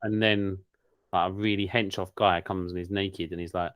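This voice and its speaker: Low-voiced man in casual rambling chat. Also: fairly even intonation, moderate pace, smooth, dry recording, studio quality. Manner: rambling, jokey, laughs often. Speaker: podcast co-host.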